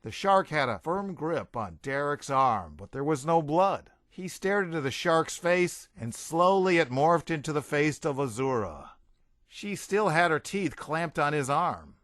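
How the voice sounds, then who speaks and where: A man reading a comic audiobook in a wry storytelling voice. His tone is bright and forceful with a lively pitch, recorded close and dry. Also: measured pace, no echo. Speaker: audiobook reader. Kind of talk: comedic audiobook narration.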